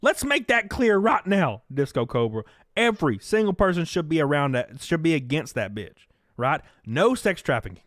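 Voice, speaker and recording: Southern guy, young, live-stream host, lively and foul-mouthed, dry close mic, slightly high voice. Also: moderate pace, no echo. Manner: animated, profane, reads out chat donations. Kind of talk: casual live-stream commentary.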